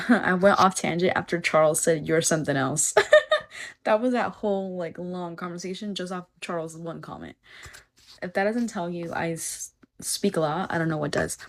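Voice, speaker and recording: A young woman with a slightly low voice chats on a phone livestream. She rambles off on tangents and swears without a second thought. She stops to read viewer comments aloud. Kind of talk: casual livestream chat.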